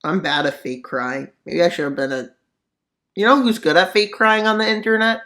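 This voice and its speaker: Bright-voiced sarcastic mapping narrator. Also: mid-range voice, fairly even intonation, normal speed. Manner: sarcastic, rambling asides. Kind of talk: casual scenario commentary over a map.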